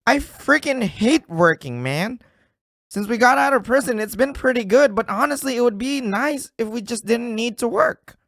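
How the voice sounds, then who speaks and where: A man voicing a scheming ex-convict watch dealer in a comedy skit, with a put-on accent and an excited delivery. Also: high voice, unhurried, no room sound, clean studio sound, pitched above the performer's own voice, exaggerated voice.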